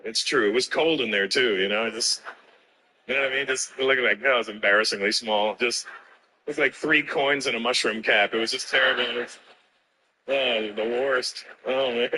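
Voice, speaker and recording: A man's voice: mid-range voice, moderate pace, pushed and bright, slight background noise, poor audio. A man doing a stand-up comedy set in front of a live audience, telling a brash, profane story full of acted-out dialogue.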